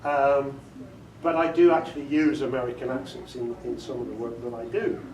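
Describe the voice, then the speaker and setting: A man's voice: medium pitch, level tone, normal speed, darkish tone. A middle-aged Englishman, a voiceover artist, telling jokey stories and answering questions at a meeting. His manner is chatty and he laughs often. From England. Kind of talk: storytelling talk with audience questions. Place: meeting room with an audience. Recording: roomy distant recording with background noise.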